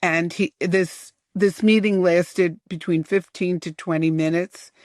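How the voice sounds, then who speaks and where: A man in his seventies from the New York area, reminiscing in unhurried, detailed storytelling as a podcast guest. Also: high-pitched, steady tone, no room sound, clean studio sound. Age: 70s. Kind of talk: storytelling in an interview.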